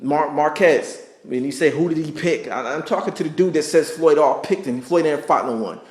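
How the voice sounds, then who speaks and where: A man's voice: fairly high pitch, a little fast, a little mellow, echoey room. A man giving a heated, profane sports rant, emphatic and argumentative, hammering the same points again and again. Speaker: vlogger ranting about sports.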